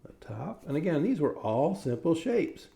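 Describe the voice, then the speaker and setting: A man's voice: a little high, sing-song, moderate pace, creaky, mellow. A middle-aged man, a cartoonist, leads a step-by-step drawing lesson for children in a friendly, encouraging way, often checking in with "right?".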